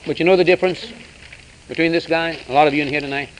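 High voiced guy preaching hard, gets loud then drops real low. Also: steady tone, quick pace, slight background noise, poor audio. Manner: emphatic, swings between loud and hushed. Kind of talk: sermon.

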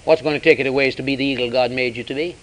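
A man preaching a sermon, swinging between loud emphasis and hushed asides. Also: mid-range voice, steady tone, very fast, slight background noise, poor audio.

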